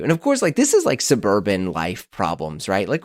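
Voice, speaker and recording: Low-voiced man telling a story. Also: normal speed, dry recording, studio quality. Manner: animated, exasperated, self-mocking storyteller. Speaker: podcast host. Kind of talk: casual storytelling monologue.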